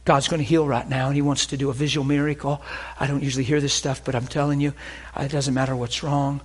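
A man preaching and telling healing stories, swinging between hushed and loud. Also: medium pitch, little pitch movement, fast, slightly rough. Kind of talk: sermon with healing testimony.

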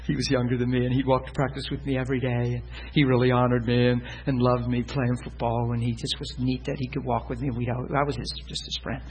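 A middle-aged man, a pastor, telling laughing stories in a sermon from the pulpit, dropping to a hush and then rising loud. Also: mid-range voice, fast, few pauses, a little hiss or hum, rough recording. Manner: laughing, lively anecdotes, swings from hushed to loud. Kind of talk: sermon storytelling. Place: church pulpit.

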